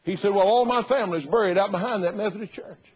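Pastor, man, mid-high husky voice, animated storytelling sermon. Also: quick pace. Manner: storytelling preacher, acting out quoted voices loudly. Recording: dull lo-fi sermon recording.

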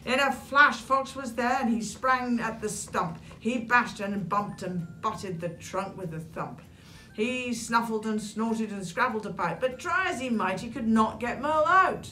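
Animated British woman reading a storybook. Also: mid-range voice, measured pace, slight background noise. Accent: British English. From England. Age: 60s. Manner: animated, expressive, with dramatic gasps. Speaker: children's story reader. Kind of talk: reading a rhyming picture book aloud. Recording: echoey room.

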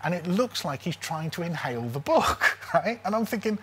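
With a slightly high voice at normal pace, a forties-aged comedian guest chats through comic anecdotes in an animated way. "Right?" caps many of his lines, and a little background hiss can be heard.

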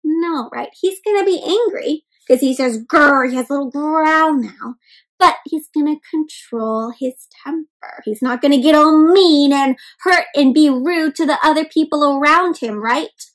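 Woman, high-pitched, interactive storybook reading, encouraging, teacher-like, asks children questions. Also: a little slow, poor audio. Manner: asks children questions, addresses them as "my friends". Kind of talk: interactive read-aloud for kids.

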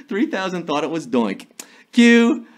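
A man's voice: high voice, sing-song, slow. A man hosting a live trivia game show, reading questions with playful jokes and theatrical asides. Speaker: quiz show host.

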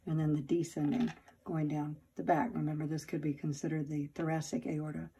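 Woman anatomy instructor, mellow and husky, explains patiently with fillers. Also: sits low. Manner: explanatory, with fillers and self-corrections. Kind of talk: recorded lab lecture.

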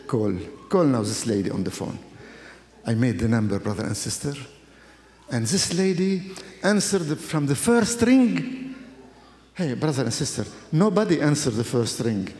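A man's voice: on the high side, a little mellow. A male pastor telling his testimony in an emphatic, storytelling way, repeating phrases for effect. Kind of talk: dramatic preaching testimony. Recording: echoey hall.

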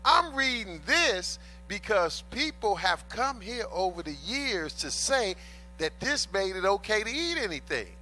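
A man's voice: high voice, very animated, measured pace, bright, forceful tone, faint music behind. A man preaching a sermon in an emphatic, colloquial way, repeating his key points and addressing the congregation as brothers and sisters. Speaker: pastor.

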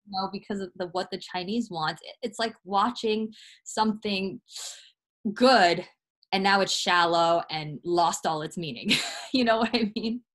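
A woman's voice: medium pitch, unhurried, a bit bright. A woman from the United States co-hosting a casual discussion, speaking loosely with many fillers. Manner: casual, filler-heavy with frequent "like". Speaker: co-host.

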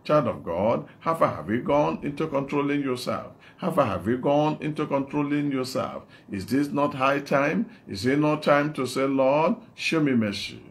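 A man's voice: on the high side, expressive, normal speed, few pauses. A man with a Nigerian English accent preaching a sermon as an evangelist, repeating his phrases in an exhorting, call-and-response way.

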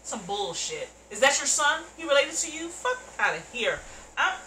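Heated, animated woman reacting loudly. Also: high-pitched, normal speed, echoey room, slight background noise, rough recording. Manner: loud, profane, heated commentary. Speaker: reaction video host. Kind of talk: reacting to a TV episode.

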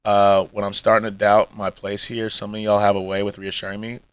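A man's voice: on the low side, completely flat delivery, fairly quick, smooth, dry recording, poor audio. A male streamer talking to his chat in a rambling, heartfelt way, emotional and close to tears, often dropping almost to a mumble. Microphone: streaming mic.

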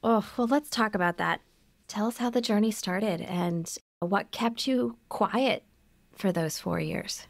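A woman hosting a podcast who asks measured, thoughtful interview questions. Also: mid-range voice, vocal fry, no room sound. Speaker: podcast host.

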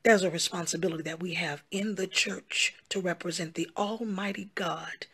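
A woman's voice: fairly low pitch, fairly even intonation, normal speed. A woman pastor speaking straight to her followers in a video, emphatic and pleading, and she often repeats herself. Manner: emphatic, pleading, repetitive, calls listeners "y'all" and "honey". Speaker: pastor and gospel singer. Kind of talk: direct-to-camera social media address.

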